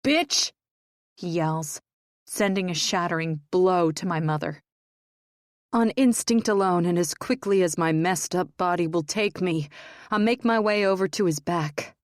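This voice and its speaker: A woman's voice: fairly low pitch, normal speed, no echo. A woman reading a first-person romance audiobook in a tense, emotional way, close to the mic. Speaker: audiobook narrator.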